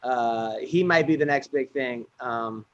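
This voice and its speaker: A man's voice: mid-range voice, measured pace, a bit bright, muffled recording, slight background noise. A man hosting a podcast, casually running through upcoming fights with lots of fillers. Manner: rambling fight rundown with fillers. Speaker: podcast host.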